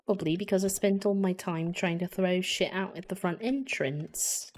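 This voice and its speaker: A woman's voice: lowish voice, steady tone, normal speed, a little mellow, natural voice. A woman streamer doing a put-on British accent, playful and exclaiming while she plays a game. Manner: playful, exclaiming when hit.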